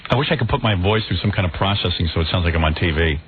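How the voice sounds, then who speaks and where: A man's voice: deep voice, expressive, racing. A man hosting a radio show, joking loosely and wisecracking. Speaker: radio host. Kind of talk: comedic radio banter. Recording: tinny phone-like radio audio.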